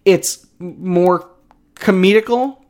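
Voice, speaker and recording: A young man hosts a casual solo sports podcast, hyped up and joking while speaking slowly. His pitch and loudness swing widely, and he keeps dropping self-mocking asides.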